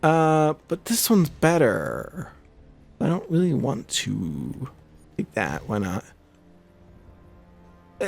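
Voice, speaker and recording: Rambling young man with a lively pitch. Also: vocal fry. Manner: rambling, chatty, lots of fillers and restarts. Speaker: gaming channel host. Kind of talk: casual let's-play commentary.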